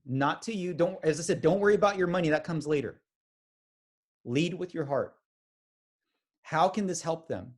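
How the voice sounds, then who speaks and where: A man giving a motivational sales training talk, energetic and acting out quoted conversations. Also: on the high side, moderate pace, pauses often. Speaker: business trainer.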